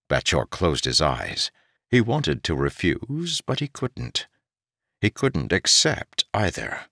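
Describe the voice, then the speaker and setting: A man narrating an audiobook in an expressive way, his pitch rising and falling with the drama. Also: slow, gravelly, no room sound, studio quality.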